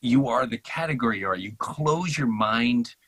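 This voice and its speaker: A man talking in an impassioned, animated way in a casual podcast conversation, acting out quotes in mocking voices. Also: medium pitch, moderate pace, husky, poor audio. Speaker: podcast guest.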